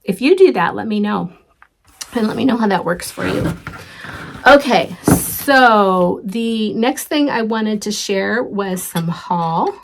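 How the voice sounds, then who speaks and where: A woman's voice: mid-range voice, expressive, takes it slowly, vocal fry, noisy background. A middle-aged woman hosting a casual show-and-tell craft vlog, chatty and rambling, with many ums and restarts. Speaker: flosstube host.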